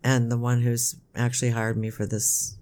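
A woman's voice: a bass voice, completely flat delivery, a little mellow. Rambling older woman chatting. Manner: rambling, halting, with many restarts and fillers. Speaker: podcast co-host, mother of the other host. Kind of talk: casual chat.

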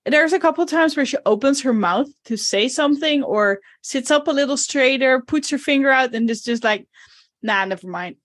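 A woman's voice: sits high, moderate pace, hardly any pauses, a bit bright, no room sound, studio quality. Hesitant woman at a tabletop game. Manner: hesitant, filler-heavy, in-character chat. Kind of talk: playing a tabletop role-playing game.

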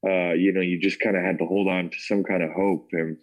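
Deep-voiced American man telling his story. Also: flat delivery, a little fast, rough recording. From United States. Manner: casual, filler-heavy, says "like" and "man" often. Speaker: interview guest. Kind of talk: personal testimony storytelling.

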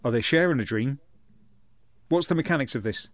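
A man co-hosting a podcast, retelling a comic story in a sweary, animated way. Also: medium pitch, brisk, dry recording. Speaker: podcast co-host. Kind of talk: casual comic chat reviewing a comic.

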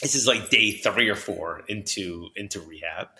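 A man from New Jersey, a podcast guest, telling a personal story with high energy and acting out the voices he quotes. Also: normal speed, bright, forceful tone, echoey room.

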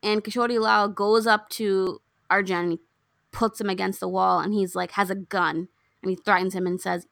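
A woman's voice: mid-range voice, normal speed, creaky, no room sound. A woman chatting casually as a podcast co-host, animatedly retelling a film and acting out the lines. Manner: animated storyteller acting out quotes. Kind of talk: casual movie recap chat.

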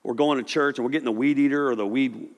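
A man preaching a sermon in a loose, animated, conversational way, often acting out voices. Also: medium pitch, fast. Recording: echoey hall reverb.

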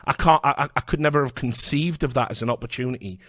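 Brash British commentator; heated, combative rant with stammered restarts, dry and close. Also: male voice, medium pitch, quick pace, fairly bright tone, no room sound. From Britain. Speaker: online commentator. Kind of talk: angry video rant.

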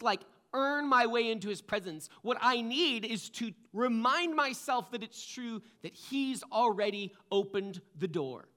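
A man preaching a sermon in an earnest way, swinging between louder passages and soft, low emphasis. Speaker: pastor.

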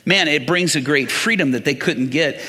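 A man's voice: on the high side, moderate pace, sharp tone, slightly rough, big-room sound. A man preaching a conversational sermon, quizzing the congregation as he works through Bible passages.

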